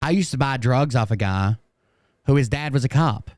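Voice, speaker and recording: A man with a mid-range, darkish voice streams and comments on clips at a normal pace with lively intonation. He is blunt and sarcastic, swears freely, and sounds a bit strained. The audio is clean studio quality with no echo.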